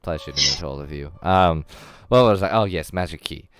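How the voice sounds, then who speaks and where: A man's voice: extremely low pitch, moderate pace, a bit bright. A man voicing a courteous male tabletop game character in a put-on accent, speaking hesitantly with many fillers. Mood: polite.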